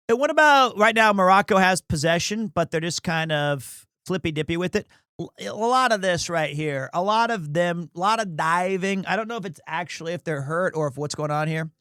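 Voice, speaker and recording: A man riffs through casual sports commentary, rambling, crude and quick to mock himself. His voice sits notably high. The sound is dry and close, with no room echo. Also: expressive, sharp tone, clear, resonant tone. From United States. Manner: rambling, crude, self-mocking. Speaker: streamer.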